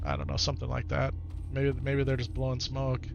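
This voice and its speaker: A man's voice: medium pitch, flat delivery, fairly quick, vocal fry, muffled recording, noisy background. A man with a Wisconsin accent, streaming a video game live, chatting easily with viewers and often repeating his own phrases. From Wisconsin, United States. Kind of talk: live gameplay commentary while reading chat.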